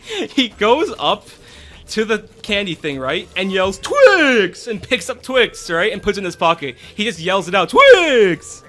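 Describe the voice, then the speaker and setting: High, bright-voiced man telling stories. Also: normal speed. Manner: animated, fillers like "right?". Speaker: streamer. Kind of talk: casual storytelling.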